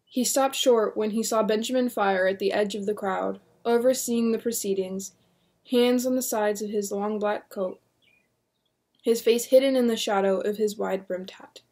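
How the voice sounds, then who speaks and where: A woman reading a horror novel aloud in a steady, measured narration. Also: on the high side. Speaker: audiobook reader.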